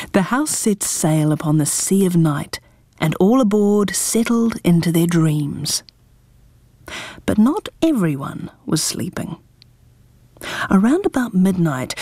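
A woman reading a children's storybook aloud, lively and expressive. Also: fairly low pitch, takes it slowly, no echo.

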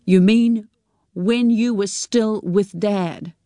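Angry teenage son, blunt and bitter, read by a woman, slow measured delivery, dry close sound. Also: mid-range voice, dark tone, dry recording, close to an everyday voice. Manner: curt, bitter retorts.

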